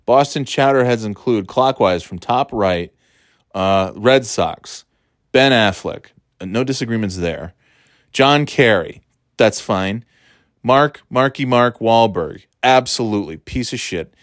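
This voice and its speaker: A man's voice: fairly low pitch, animated, measured pace, no room sound, clean studio sound. A man from the US East Coast talking casually to camera, rambling and sardonic, with many restarts and fillers. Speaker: vlogger.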